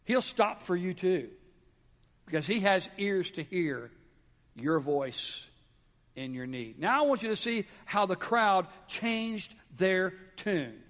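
A male pastor preaching a sermon with dramatic swings between hushed low drops and raised exclamations. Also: expressive, takes it slowly. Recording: long hall reverb.

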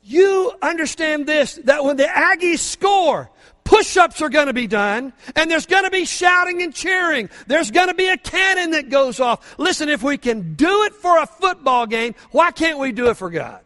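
An older man preaching a sermon as pastor, fervent, moving from quiet asides to shouting praise, in a church. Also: very high-pitched, lively intonation, moderate pace. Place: church sanctuary. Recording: long hall reverb from a church.

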